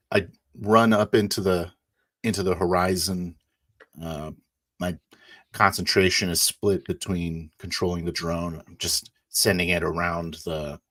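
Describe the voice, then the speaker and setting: A man's voice: low-pitched, fairly bright tone, breathy edge. A man playing a tabletop game in character, loosely narrating his actions in first person with frequent fillers. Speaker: player.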